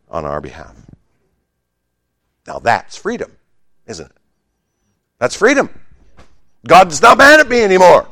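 Lively, emphatic male preacher. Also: lowish voice, no room sound, clean studio sound. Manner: emphatic preaching, swinging between loud exclamations and hushed asides; conversational, with humorous asides to the congregation. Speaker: pastor. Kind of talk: sermon.

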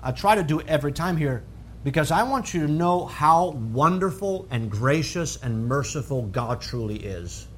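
A man preaching a sermon, swinging from calm teaching to loud, fervent high-pitched emphasis. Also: normal speed, slight background noise.

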